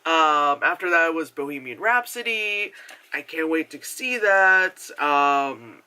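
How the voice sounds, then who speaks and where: A vlogger rambles through a movie review to the camera, with a bright, clear edge on every word. The pitch leaps up and down as the talk runs on, full of swearing, fillers and sudden tangents. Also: slow. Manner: animated, swears often, mimics other people; heavy filler words, goes off on tangents. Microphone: camera mic.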